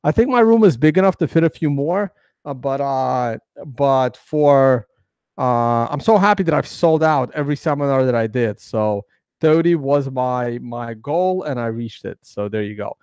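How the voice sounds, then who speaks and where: A crypto trading video host talks through charts in rambling, casual analysis, full of fillers and restarts. His mid-range voice is expressive and darkish, moving at a moderate pace, and the studio-quality recording is clean with no echo.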